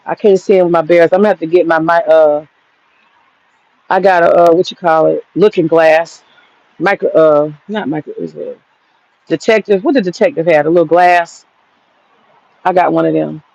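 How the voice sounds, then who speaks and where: In a low, gravelly, somewhat mellow voice at a moderate pace, with frequent pauses, a foul-mouthed woman vlogger rambles through a blunt, casual rant in her outdoor garden, speaking straight to viewers. Her voice is dry and close with no room sound, and the recording is dull and lo-fi.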